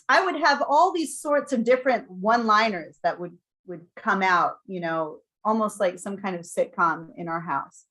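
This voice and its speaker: A middle-aged woman sharing a parenting story on a podcast, in a voice that sits at an everyday middle pitch. She talks casually and reflectively, laughs often, and sinks into quiet, soothing asides. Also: animated, unhurried, low-quality recording. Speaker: podcast co-host.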